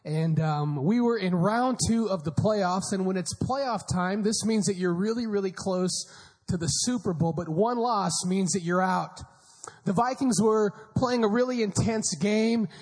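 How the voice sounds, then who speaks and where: High-voiced man preaching in an echoey hall. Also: measured pace. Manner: storytelling, often shouting with passion. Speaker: pastor. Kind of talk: sermon.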